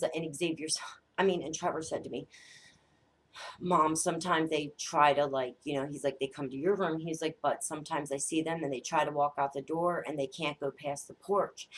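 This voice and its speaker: A woman in her thirties, a mother telling a spooky family story in a casual, animated way, swearing often and acting out the dialogue. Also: low voice, fairly quick, a little hiss or hum. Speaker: psychic vlogger, mother.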